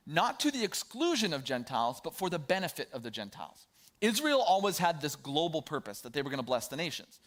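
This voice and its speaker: A man's voice: a little high, a bit bright. A man in his thirties preaching a sermon in a conversational way, with storytelling asides. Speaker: pastor.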